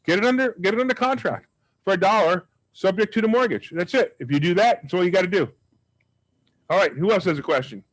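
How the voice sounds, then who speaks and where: A man teaching a live real estate investing class and taking questions, telling deals as lively, emphatic stories. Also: high-pitched, quick pace, no echo, low-quality recording. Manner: energetic, emphatic storyteller.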